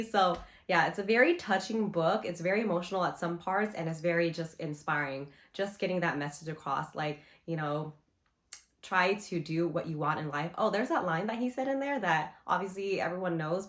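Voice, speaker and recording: A woman's voice: fairly low pitch, a bit bright. A young woman chatting casually in a book review, gushing and rambling with lots of "you know" and "like". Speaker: book vlogger. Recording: roomy echo.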